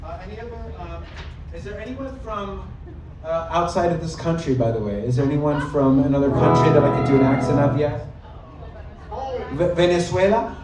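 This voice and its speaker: A man's voice: fairly high pitch, normal speed, distant mic, noisy background. A man performing a live stand-up set on a club stage, playful and loose, slipping into mock regional accents. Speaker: stand-up comedian. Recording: roomy live club sound with music.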